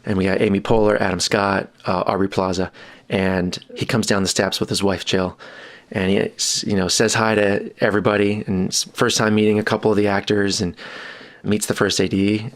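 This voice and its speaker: Lowish-voiced man telling an animated story. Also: moderate pace. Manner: animated, jumps into higher-pitched voices for quotes. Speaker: boom operator and sound mixer guest. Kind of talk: casual storytelling anecdote.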